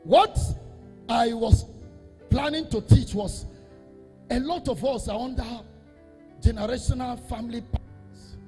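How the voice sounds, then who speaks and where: A man, a Catholic priest, preaching an emphatic sermon that repeats phrases and swells into half-sung, shouted lines. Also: extremely high pitch, measured pace, pauses often, in a large hall, soft background music.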